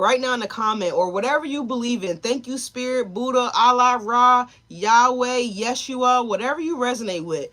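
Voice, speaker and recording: A woman's voice: on the high side, normal speed, few pauses, fairly bright tone. A woman giving a live tarot reading, talking straight to her viewers and chat, emotional and tearful at times. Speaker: tarot reader.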